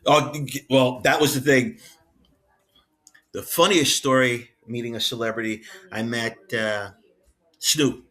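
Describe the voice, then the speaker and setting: A man, a guest on a podcast, telling backstage stories in an animated, laughing way and acting out what people said. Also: medium pitch, measured pace, long pauses. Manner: lively, laughing, acts out quotes. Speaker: guest, former head of wrestling security.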